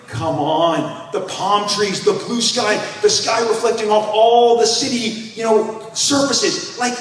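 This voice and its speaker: A man in his fifties, a comic creator speaking on a convention panel, telling animated stories and acting out voices. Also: high voice, slow pace. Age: 50s. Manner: animated storyteller who acts out voices. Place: large convention hall. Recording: echoey hall, speaker far from mic.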